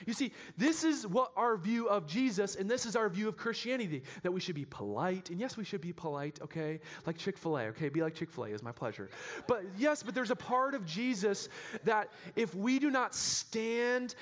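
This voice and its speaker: High-voiced man preaching a passionate sermon. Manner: animated, building to shouting at climaxes, with self-interrupting restarts. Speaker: pastor.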